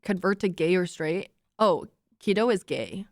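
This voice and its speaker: A woman's voice: on the low side, lively intonation, measured pace, a little mellow, no room sound, clean studio sound. A young woman streaming, chatting casually with her viewers, giggly and cooing baby talk to her dog.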